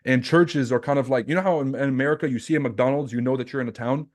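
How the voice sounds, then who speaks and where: A man from Lebanon coaching viewers on a livestream. He talks bluntly and animatedly, swears freely and keeps firing rhetorical questions at the audience. His voice sits at an ordinary middle pitch. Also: fast talker. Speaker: trading coach and livestream host.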